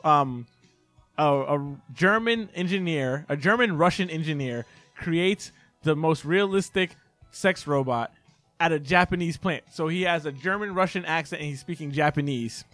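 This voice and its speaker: A man's voice: a little high, a little slow, fairly bright tone, soft background music. A young man telling a story in a casual podcast chat, rambling and laughing, with many restarts. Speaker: podcast co-host.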